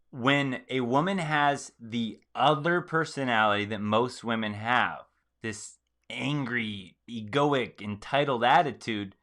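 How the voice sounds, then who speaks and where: Male host, clear forward tone, mid pitch, emphatic live commentary. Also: a bit bright. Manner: emphatic, acts out quoted reactions.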